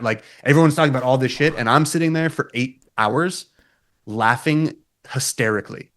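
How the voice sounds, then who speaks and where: A man, a podcast guest and metal guitarist, telling a long personal story in a casual, animated way, swearing a lot and filling his talk with "like". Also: medium pitch, moderate pace. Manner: swears often, frequent "like" fillers.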